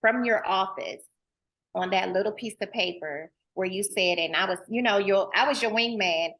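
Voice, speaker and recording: Bright-voiced woman hosting, earnest and emotional. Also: medium pitch, moderate pace. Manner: emotional and earnest, speaks straight to her audience; informal and folksy, full of "girl" and "y'all". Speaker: host. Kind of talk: heartfelt casual conversation.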